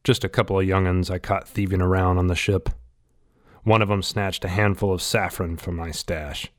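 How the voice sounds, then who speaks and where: A man voicing a heavyset, gruff sailor who is out of breath and grumbling, in an audiobook story. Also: low-pitched, flat delivery, normal speed, dry recording, clean studio sound, natural voice.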